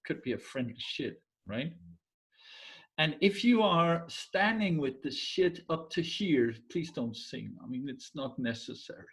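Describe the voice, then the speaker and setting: A man's voice: medium pitch, low-quality recording. Man telling a folk tale casually. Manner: relaxed, searching for words, drifting into quiet asides. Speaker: storyteller. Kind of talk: casual oral storytelling.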